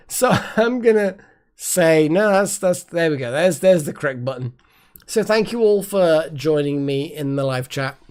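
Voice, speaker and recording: A livestream host rambles casually as she thanks her chat viewers one by one, trailing off with fillers and restarts. Her voice is rumbling low and a little mellow.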